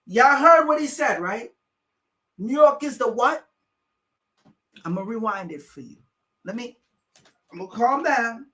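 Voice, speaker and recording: A man's voice: extremely high pitch, lively intonation, measured pace, long pauses, bright, forceful tone. A man reacting to a news clip on a live stream, preaching at his viewers and repeating himself to drive each point home.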